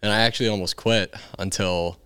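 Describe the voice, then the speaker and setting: A man's voice: lowish voice, steady tone, fairly quick, fairly bright tone, smooth, no echo, clean studio sound. A young man, a podcast guest from Illinois, telling stories in a laid-back, casual way with frequent laughs. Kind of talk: casual chat.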